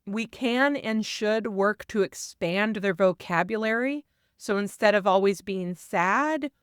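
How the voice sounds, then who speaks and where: Calm woman giving parenting advice. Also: mid-range voice, clean tone, no echo, clean studio sound. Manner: calm, explanatory, sometimes animated when modeling phrases. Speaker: parenting podcast host. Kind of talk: advice monologue.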